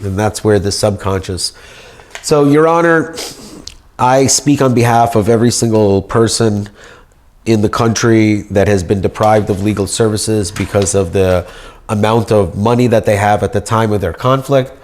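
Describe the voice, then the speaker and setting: A man talks in a rambling, grandiose way, as if addressing a judge. His voice sits somewhat low. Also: fairly even intonation, normal speed, a little mellow. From United States. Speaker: speaker pleading his case. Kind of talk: rambling monologue.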